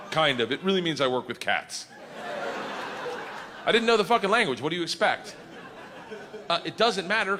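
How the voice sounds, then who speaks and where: A man telling a stand-up story on stage, bursting into shouted punchlines, recorded live in a comedy club. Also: on the high side. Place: comedy club stage before a laughing audience. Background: audience laughter.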